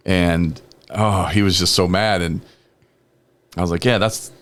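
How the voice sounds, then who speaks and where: A man's voice: deep voice, unhurried. A man on a recovery talk show, telling rambling stories in a casual, laughing chat and acting out other people's lines. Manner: rambling, laughing, quotes people in lively voices. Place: podcast studio.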